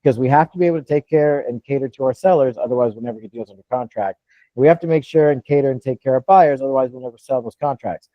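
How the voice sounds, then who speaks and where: A man's voice: mid-range voice, fast talker, dry recording, muffled recording. Blunt, casual male coach on a call. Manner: blunt, casual, swears freely. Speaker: host and wholesaling coach. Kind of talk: live Q&A coaching.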